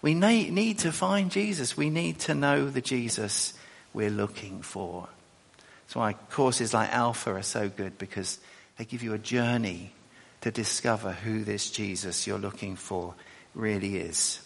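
Man, preacher, sermon, gravelly voice, echoey hall. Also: lowish voice, measured pace. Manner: animated, chatty asides, self-correcting. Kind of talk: sermon with scripture reading.

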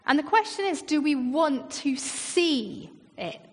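A woman's voice: sits high, expressive, takes it slowly. A woman, a church leader preaching a sermon in a chatty way, full of rhetorical questions and acted-out quotes. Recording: long reverb in a hall.

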